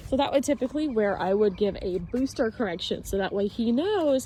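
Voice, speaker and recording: A woman dog trainer outdoors, explaining her method while walking a dog and calling out sharp commands. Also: a little high, expressive, brisk, a little hiss or hum. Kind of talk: instructional talk during dog training.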